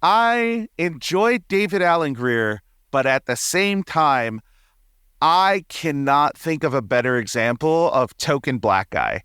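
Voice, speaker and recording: A young man co-hosting a casual movie review podcast, animated and mock-exasperated, often dropping into quoted voices. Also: fairly high pitch, takes it slowly, clear, resonant tone, no room sound, clean studio sound. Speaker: podcast co-host.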